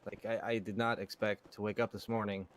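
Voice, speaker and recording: A man at an in-game memorial, speaking haltingly and heartfelt, stumbling over words. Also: lowish voice, little pitch movement, a little hiss or hum. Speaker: gamer at a memorial. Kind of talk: casual gaming chat.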